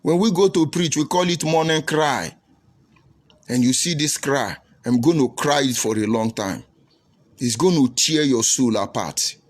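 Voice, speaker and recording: A man with a Nigerian English accent hosts a livestream and talks like a pulpit preacher. He reads out viewers' comments and hits back with pointed questions and scolding. His voice sits at an ordinary mid pitch. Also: expressive, a little slow. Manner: combative, preachy, rhetorical questions.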